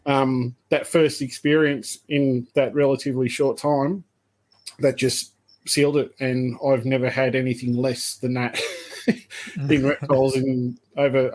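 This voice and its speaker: Give me an Australian man in his fifties telling a long, rambling story on a podcast. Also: medium pitch. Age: 50s. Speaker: guest, python breeder. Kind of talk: casual podcast chat.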